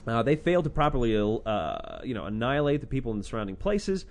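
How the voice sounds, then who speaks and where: A man tells ancient stories in an irreverent, casual way, swearing freely and slipping into mocking quoted voices. His pitch swings widely from low asides to high exclamations, sitting at an ordinary middle register. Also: fast. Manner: profane, sarcastic, animated with acted-out quotes. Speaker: podcast host retelling a scripture book.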